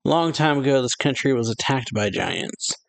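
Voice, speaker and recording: A man's voice: medium pitch, animated, normal speed, gravelly. A man reading out the lines of a solemn male giant warrior in an earnest, grave way.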